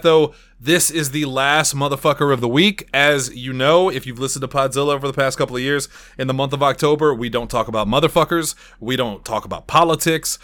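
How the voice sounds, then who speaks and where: A man hosting a podcast and chatting casually, loud and ranting, swearing freely. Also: mid-range voice. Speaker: podcast host.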